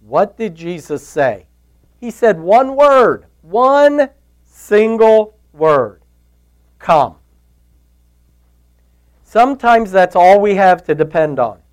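Folksy storytelling man, fairly high voice. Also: very animated, a little slow, rough recording. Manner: storytelling, folksy, asks "right?" often. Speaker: Bible teacher. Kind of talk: conversational sermon.

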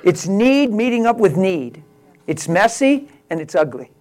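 A male pastor preaching a sermon, telling a story and swinging from quiet, slow lines to loud exclamations. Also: sits high, very animated.

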